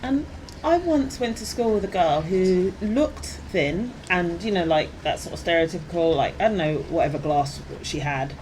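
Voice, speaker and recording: A woman's voice: lowish voice, expressive, normal speed, a little mellow, a little hiss or hum, poor audio. A young woman chatting casually on a podcast, rambling and often laughing. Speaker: podcast co-host. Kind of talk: casual chat.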